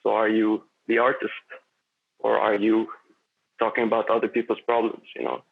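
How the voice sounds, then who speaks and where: A man's voice: lowish voice, completely flat delivery, moderate pace, gravelly, breathy edge. A man chatting as a podcast guest, rambling and philosophical, with lots of fillers and restarts. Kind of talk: casual conversation. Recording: tinny phone-like line.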